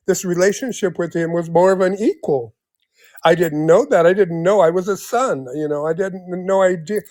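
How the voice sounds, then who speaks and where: An older man in his seventies spins a long personal story, circling back with restarts and breaking into laughter. His voice sits fairly high for a man. The sound is close and dry. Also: darkish tone, no room sound. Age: 70s. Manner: rambling, many restarts, laughs often. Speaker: guest. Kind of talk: casual storytelling in an interview.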